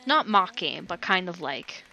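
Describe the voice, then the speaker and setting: A woman's voice: on the low side, very animated, measured pace, creaky, bright, forceful tone, highs cut off, soft background music. A woman game master narrating a tabletop game in a casual, filler-heavy way.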